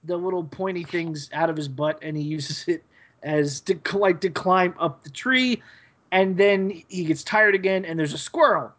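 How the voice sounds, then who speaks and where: A man co-hosting a podcast, giving a rambling, hesitant episode recap full of fillers and pauses. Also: high-pitched, a bit bright. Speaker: podcast co-host.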